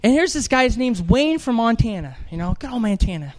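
A man preaching an animated sermon in church, telling a story with jokes and acted-out voices. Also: very high voice, fairly quick. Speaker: evangelist preacher.

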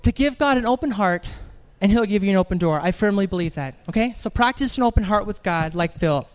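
Guy preaching in a church, high smooth voice, tells stories and jokes and does little voices. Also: fast talker. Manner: animated, joking storyteller acting out voices. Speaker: evangelist preacher. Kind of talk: sermon with storytelling.

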